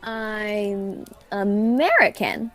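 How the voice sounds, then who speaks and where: A woman's voice: mid-range voice, expressive, drawn-out words. A teenage girl playing a sarcastic, impatient modern American girl in a school radio play. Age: teens.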